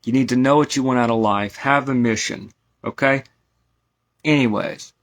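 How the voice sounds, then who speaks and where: A man's voice: mid-range voice, normal speed, creaky. An American man teaching esoteric lore in a casual spoken lecture, rambling with many asides and asking "right?" to his listeners.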